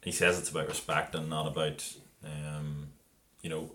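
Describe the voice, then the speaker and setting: A man's voice: rumbling low, flat delivery, normal speed, pushed and bright, a little hiss or hum. A man co-hosting a casual football podcast, chatty and full of "like" and "um". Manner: chatty, filler-heavy, saying "like" and "um". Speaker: podcast co-host.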